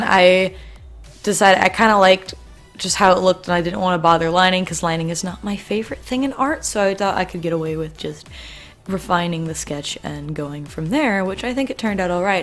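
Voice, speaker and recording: Bubbly young woman rambling over music. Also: fairly low pitch. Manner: bubbly and rambling, with frequent ums and asides. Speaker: art channel host. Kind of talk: casual voice-over commentary on a drawing. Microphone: desk microphone.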